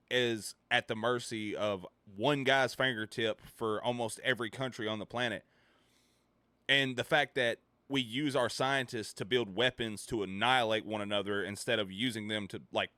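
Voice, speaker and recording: A man with a fairly low voice but a bright, forceful edge rants at his stream audience. He talks in a casual, animated way, swearing freely and breaking into laughs between his points. His voice sits close and dry on the mic, with no room around it. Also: no echo. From United States. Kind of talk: casual ranting chat.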